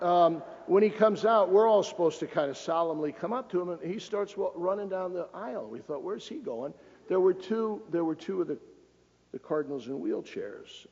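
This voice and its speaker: A man on the high side, with vocal fry, a slightly mellow tone and a breathy edge, lectures publicly as a cardinal. He is folksy and emphatic, joking with his audience in a lecture hall, captured in a lo-fi recording with long hall reverb.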